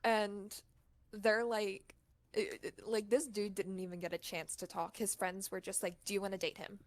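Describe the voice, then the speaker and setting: A woman's voice: mid-range voice, flat delivery, a little slow, dry recording. A young woman co-hosting a casual podcast, telling a story in a chatty way, acting out what people said and laughing often. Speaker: podcast co-host.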